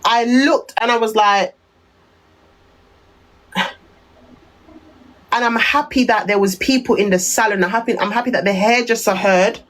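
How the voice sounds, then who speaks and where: A woman's voice: a little high, unhurried, long pauses, a bit bright, rough recording. A woman with a Jamaican accent ranting on a phone live stream, repeating insults in a heated, cutting manner.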